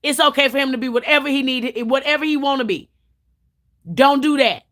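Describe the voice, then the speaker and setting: A woman's voice: sits high, fairly quick, a bit bright. A woman hosting a livestream, chatting casually and telling stories bluntly, with plenty of swearing. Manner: blunt, profane, storytelling. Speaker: livestream host.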